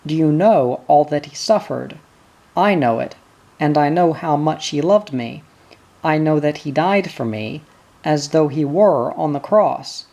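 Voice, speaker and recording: A bitter, proud prince of eighteen, intense and resentful, speaking slowly with a gravelly edge, as a reader puts him on. The low, rough voice stays close to the reader's own. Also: male voice, lively intonation, a little mellow. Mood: bitter earnest. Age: teens.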